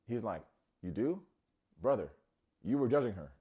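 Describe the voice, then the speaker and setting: A man's voice: medium pitch, moderate pace, breathy edge, lo-fi sound. A man recapping a reality dating show in a casual, joking way, often mimicking the cast's lines. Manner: joking, animated, mimics cast members' lines. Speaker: recap reviewer.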